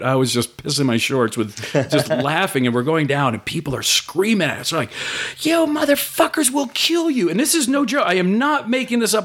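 A middle-aged man spins a lively yarn in easy, casual talk, his pitch swinging up high whenever he acts out someone else's voice. He curses freely and talks the way he would among friends. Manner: animated storyteller, swears, acts out voices. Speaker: guest, food business owner. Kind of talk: casual storytelling.

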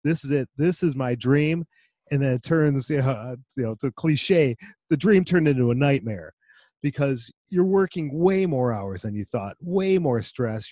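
A man's voice: medium pitch, warm tone, no echo. A man hosting a business podcast interview, chatty and encouraging, with fillers and restarts. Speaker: podcast host.

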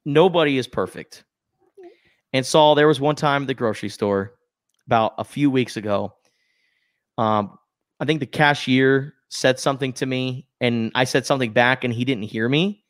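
A man co-hosts a podcast, chatting casually and telling animated stories with self-deprecating humor. His mid-range voice moves at a normal speed, and the studio-quality recording has no echo.

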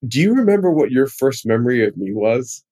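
A man's voice: mid-range voice, very animated, a little fast, mellow. Man, British-tinged accent, podcast host, chummy, rambling. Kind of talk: casual interview chat.

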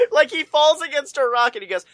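High, bright-voiced man joking about a film. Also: very animated, a little fast, no echo. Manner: laughing, jokey, acts out lines in silly voices. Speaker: podcast co-host. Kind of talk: casual movie review chat.

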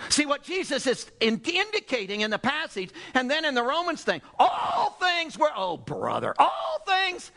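High, animated preaching man. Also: normal speed, few pauses. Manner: animated, exclamatory, with many rhetorical questions; sighing "oh, brother" asides. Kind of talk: sermon.

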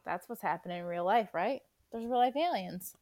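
Animated young woman ranting, dry close sound. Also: medium pitch, brisk, dry recording. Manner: animated, swears, acts out scenes. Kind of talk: casual chat, movie rant.

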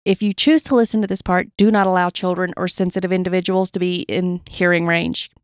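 A woman's voice: lowish voice, fairly even intonation, a little fast, no echo, clean studio sound. A woman co-hosting a true crime podcast, reading from a case account with blunt personal asides. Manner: reads gravely, adds blunt asides. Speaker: podcast co-host.

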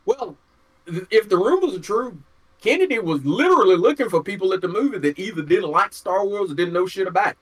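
A man's voice: high-pitched, animated, a little fast. A man co-hosting a podcast in casual chat, talking bluntly and heatedly with plenty of swearing. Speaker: podcast co-host.

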